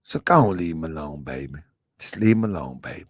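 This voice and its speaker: A man voicing a gentle father softly talking his daughter out of a bad romance, slow and hushed. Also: extremely low pitch, expressive, no echo, studio quality, pitched below the performer's own voice. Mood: tender, soothing. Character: soft-spoken loving father soothing his daughter.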